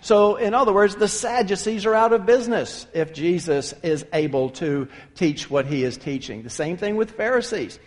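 High-voiced man preaching in an echoing hall. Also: normal speed, few pauses. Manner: emphatic and animated, with repeated restarts. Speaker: pastor. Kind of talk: sermon.

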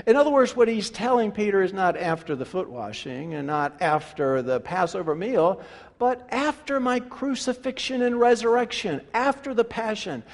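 Pastor guy, pretty high voice, preaching big and animated, long echo in the church hall. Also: normal speed. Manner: animated, rhetorical questions, swings from loud to hushed. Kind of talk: sermon. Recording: long reverb of a large hall.

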